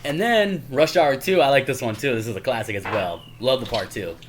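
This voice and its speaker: A man's voice: medium pitch, animated, brisk, slight background noise. A man casually recapping favorite comedy movies on his channel, rambling and chuckling, peppering his talk with "man" and "y'all". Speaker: YouTuber.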